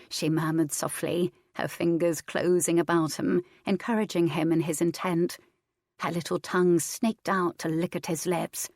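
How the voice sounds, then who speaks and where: A woman reads a historical romance aloud in a steady, measured voice. Her tone sits low, and the recording is dry and close, with no room sound. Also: no echo. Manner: steady, even reading. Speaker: audiobook narrator. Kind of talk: scripted narration.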